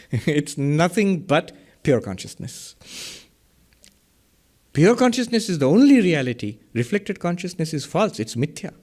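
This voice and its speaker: A middle-aged man delivers a philosophy lecture on Vedanta. He speaks in a slightly higher register for a man and works through ideas with questions and examples, chuckling at his own jokes. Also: very animated, unhurried, pauses often, a little mellow. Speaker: Vedanta teacher.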